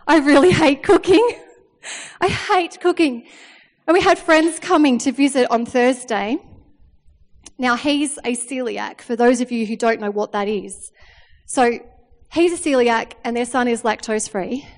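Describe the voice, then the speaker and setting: A high-voiced woman delivers a sermon, telling stories in a chatty, animated way. She keeps checking in with her listeners. Her voice rings out with a long reverb, as in a large hall. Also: moderate pace. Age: 30s. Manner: chatty, animated storytelling with frequent "okay?" check-ins. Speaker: preacher. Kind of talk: sermon with personal story.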